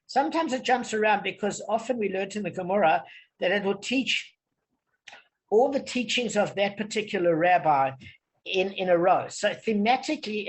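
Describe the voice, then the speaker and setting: Male study leader, patient and digressive, call audio. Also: high-pitched. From South Africa. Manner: patient, digressive explaining, often checks understanding. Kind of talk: online group Talmud lesson.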